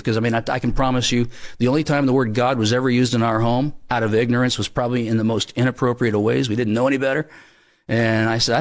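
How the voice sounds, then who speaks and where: A man recounting a life-changing spiritual experience to an interviewer. His pitch sits in the middle range for a man, and he tells the story with earnest animation, often restarting and repeating words as he searches for them. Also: fairly quick, gravelly. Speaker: guest sharing a testimony.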